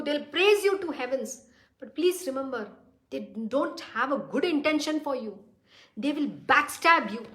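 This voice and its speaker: A woman's voice: high voice, a bit bright. A woman giving a devotional talk as a spiritual teacher, blunt and direct, posing rhetorical questions to her listeners. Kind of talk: devotional discourse. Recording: roomy echo.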